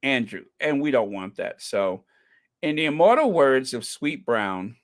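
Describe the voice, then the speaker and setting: Slow-talking man with lots of ums. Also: mid-range voice, very animated, dry recording, studio quality. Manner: chatty, frequent ums and uhs, repeats phrases for emphasis. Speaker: podcast host. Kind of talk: casual commentary reading viewer comments.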